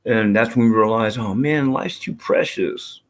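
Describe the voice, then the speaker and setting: A man's voice: on the low side, unhurried. A man hosting a live stream, chatting casually and profanely with his viewers, rambling from topic to topic. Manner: rambling, profane, reads chat aloud.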